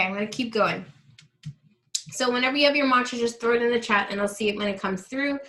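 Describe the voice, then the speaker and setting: A woman's voice: medium pitch, fairly bright tone, poor audio. Woman coaching an online workshop. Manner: friendly, explanatory, coaching the audience directly. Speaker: money mindset coach. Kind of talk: live online workshop teaching.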